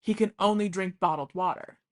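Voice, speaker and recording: A woman's voice: mid-range voice, a little fast. A young woman telling funny childhood stories in a chatty, casual way, swearing freely and acting out what people said. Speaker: vlogger. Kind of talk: casual storytelling.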